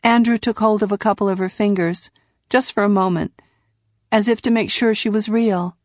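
A woman narrating a novel in scripted, measured storytelling from a quiet booth. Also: medium pitch, steady tone, dry recording, studio quality. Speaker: audiobook narrator.

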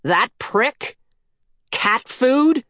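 A woman's voice: sits high, lively intonation, very slow, a bit bright, no echo, clean studio sound, voice pushed up, exaggerated voice. A woman voicing a crude, morose female coyote in an audiobook, speaking bluntly. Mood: scornful.

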